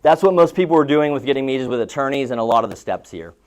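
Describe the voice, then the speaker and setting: At a live seminar, a man coaches real estate agents, telling stories in a chatty way and asking the room questions. His voice is medium-pitched with lively intonation and a quick pace.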